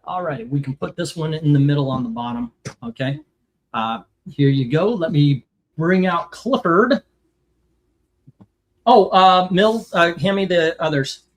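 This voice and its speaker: A man's voice: on the high side, lively intonation, a little slow. A middle-aged man hosting a live comic auction stream, chatting casually in a rambling, jokey way with lots of fillers.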